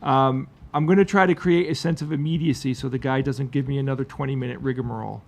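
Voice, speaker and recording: A man's voice: medium pitch, quick pace, vocal fry. Chatty man telling a story. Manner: relaxed storyteller, lots of fillers and restarts. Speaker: podcast co-host. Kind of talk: casual chat.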